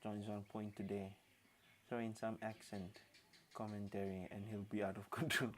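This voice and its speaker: A man's voice: on the low side, flat delivery, normal speed, a little hiss or hum. A man co-hosting a live stream, chiming in with short, laid-back remarks in casual chat. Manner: brief, laid-back interjections. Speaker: co-host of a live talk stream.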